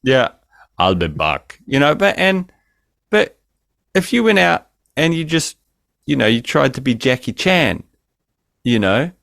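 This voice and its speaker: A man's voice: fairly high pitch, lively intonation, measured pace, creaky, long pauses, fairly bright tone, no room sound. A man co-hosting a podcast over a remote call, ranting crudely and joking in casual banter. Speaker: podcast co-host.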